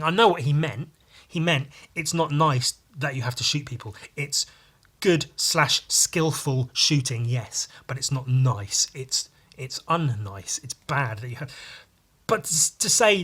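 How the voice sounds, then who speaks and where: A man's voice: a little high, expressive, moderate pace, bright, forceful tone. A man hosting a podcast, ranting casually with lots of swearing and rambling filler words. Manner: profane, ranting, opinionated. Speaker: podcast host. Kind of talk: casual chat.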